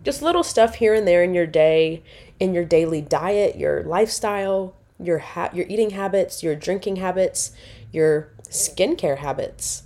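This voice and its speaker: Chatty woman with a mellow voice. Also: on the low side, unhurried. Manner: rambling, chatty, self-correcting. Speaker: podcast host. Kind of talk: casual solo podcast talk.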